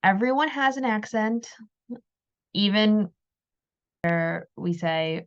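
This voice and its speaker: A woman giving reflective opinion commentary, measured and thoughtful, sometimes repeating words as she thinks. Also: mid-range voice, vocal fry, highs cut off. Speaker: commentary video host.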